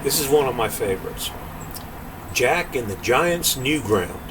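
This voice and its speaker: An older man reading a folk tale in an unhurried, folksy drawl. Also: medium pitch, lively intonation. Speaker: storyteller. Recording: distant mic, faint air-conditioner hum.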